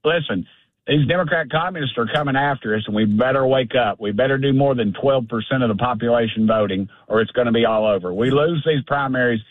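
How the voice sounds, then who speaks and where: A man's voice: medium pitch, fast talker, dry recording. A man speaks bluntly and with heat, the folksy tone of a congressman calling in to a show. His voice comes over a tinny phone line. The sound is dry and close. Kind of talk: phone call-in interview.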